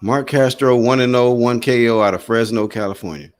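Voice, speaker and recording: A man hosting a casual live boxing commentary stream, calling the punches in a slangy, excitable way and talking to his viewers. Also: mid-range voice, fairly quick, clear, resonant tone.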